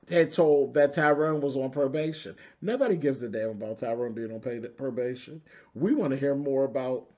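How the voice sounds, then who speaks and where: Black guy spilling reality tv tea, sassy and animated, mid-pitched, kinda muffled audio. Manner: sassy, animated, talks straight to viewers. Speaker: reality TV recap host. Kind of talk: casual TV recap commentary.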